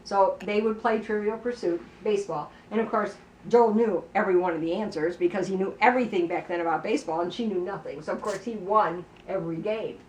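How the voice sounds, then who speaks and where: A woman's voice: medium pitch, a little fast, few pauses, darkish tone. A woman telling a family story in casual conversation, acting out the dialogue and filling her talk with "you know.". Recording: roomy, distant, faint background noise.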